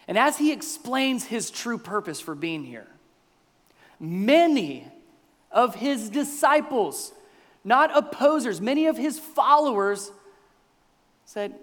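A man preaching a sermon as pastor, swinging between loud bursts and near-whispers. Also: very high-pitched, slow pace, pauses often, in a large hall. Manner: animated preaching with big swings in loudness, dropping to near-whispers.

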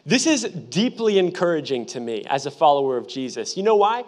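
A young man in his twenties, a pastor giving a lively, humorous sermon full of personal storytelling. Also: a little high, brisk. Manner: animated, humorous, conversational preaching.

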